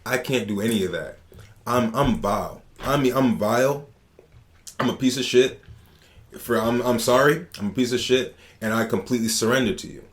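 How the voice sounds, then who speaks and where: A man putting on a once-boastful man brought low before God, who talks in slangy street speech and berates himself. The voice sits at a middle pitch, everyday and unpolished. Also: normal speed, lightly acted. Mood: remorseful. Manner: slangy, self-abasing. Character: humbled prideful man confessing to God.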